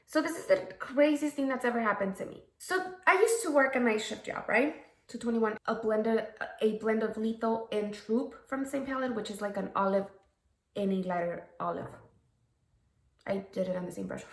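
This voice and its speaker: A woman telling a story while doing a makeup tutorial, frank and profane, often checking in with "okay?" and "right?". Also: mid-range voice. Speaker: makeup vlogger. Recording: echoey room.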